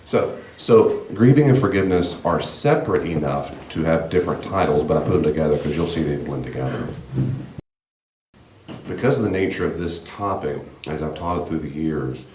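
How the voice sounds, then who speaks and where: A man with an extremely deep voice leads a church class on grief, gentle and reassuring in tone. He talks conversationally with many asides into a handheld mic. The room echoes, and a faint hiss sits underneath. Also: expressive, normal speed. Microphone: handheld microphone.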